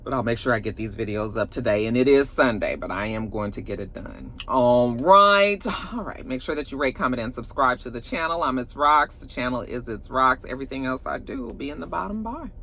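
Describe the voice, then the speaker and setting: Animated reviewer with a bright voice. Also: mid-range voice, brisk, few pauses. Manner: animated, expressive, swears freely. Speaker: TV show reviewer. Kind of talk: casual recap and review vlog.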